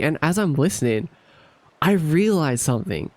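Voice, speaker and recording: A man's voice: a little high, lively intonation, measured pace, no room sound. A man streaming, chatting casually and animatedly, laughing often and sounding incredulous.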